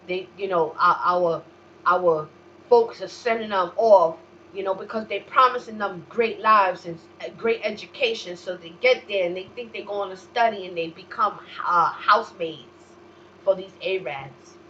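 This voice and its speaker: A woman hosting a solo talk show, ranting profanely in a heated manner that jumps from low muttering to outright shouting. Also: normal speed, highs cut off, a little hiss or hum.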